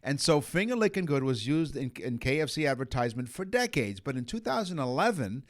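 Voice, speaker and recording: A man's voice: mid-range voice, very animated, fairly quick. Punning man reading trivia. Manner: jokey, punning, reads facts aloud. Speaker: podcast co-host. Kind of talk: casual chat.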